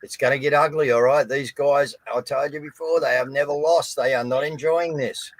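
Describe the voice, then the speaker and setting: A man's voice: mid-range voice, steady tone, normal speed, no echo, rough recording. An Australian man co-hosting a live news stream, talking casually and blokey, often calling his viewers guys.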